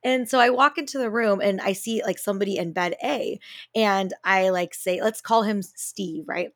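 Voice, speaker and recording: A woman co-hosting a podcast who tells a story in a quick, animated way, acting out quotes and using plenty of fillers. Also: medium pitch, no room sound, studio quality. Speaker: podcast co-host and speech therapy grad student.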